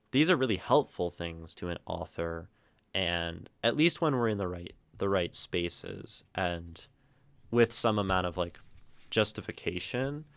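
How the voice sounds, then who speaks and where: A man hosting a livestream, chatting casually and thoughtfully with many halting restarts. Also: deep voice, a bit bright, dry recording. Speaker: livestream host reading community poetry.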